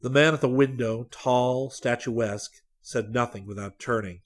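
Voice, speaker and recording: A man narrating a spy novel aloud in a measured, even reading voice. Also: medium pitch. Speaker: audiobook narrator. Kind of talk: scripted narration.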